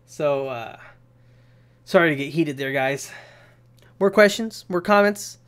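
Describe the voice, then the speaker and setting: A young man hosting a casual live Q&A stream, talking in an energetic, rambling way with casual swearing. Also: on the high side, slow pace.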